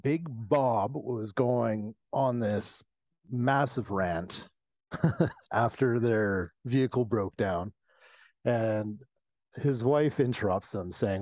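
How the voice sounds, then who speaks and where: A man's voice: medium pitch, drawn-out words, dry recording. Man co-host who laughs a lot, recorded dull and dry. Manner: laughs often, animated storyteller. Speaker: podcast co-host. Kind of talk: casual chat.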